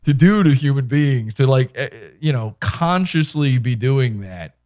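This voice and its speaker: A man hosting a casual podcast talks into a microphone in a loose, rambling way. His voice sits at an ordinary pitch. He swears offhandedly and keeps the talk animated. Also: moderate pace. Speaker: podcast host. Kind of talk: casual commentary chat. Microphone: microphone with headphones.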